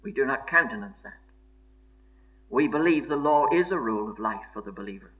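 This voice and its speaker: A man's voice: medium pitch, animated, a little fast. A man preaching a sermon in an earnest, emphatic way, repeating key phrases for stress. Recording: dull lo-fi sermon recording.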